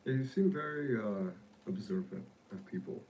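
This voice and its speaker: A man interviewing a guest in a casual podcast, asking quick, curious questions. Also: medium pitch, lively intonation, darkish tone, a little hiss or hum, rough recording.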